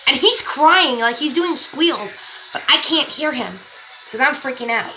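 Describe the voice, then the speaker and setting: A young woman vlogger telling a story in a casual, animated way, acting out what others said in her own voice. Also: high-pitched, moderate pace, rough recording. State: pregnant. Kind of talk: casual story-time chat to camera. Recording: faint music behind.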